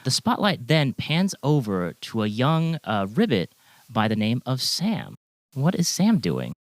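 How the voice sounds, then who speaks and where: Male game master, animated pitch, dry close mic. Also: a little slow, dry recording. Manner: playful, lively narration, laughs often. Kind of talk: narrating a tabletop game.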